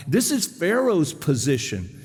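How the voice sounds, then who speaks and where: Man preaching a quick, chatty sermon. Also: on the high side, huge pitch swings, a little mellow, breathy edge, in a large hall. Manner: conversational and quick, asks the congregation questions. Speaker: pastor. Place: church sanctuary.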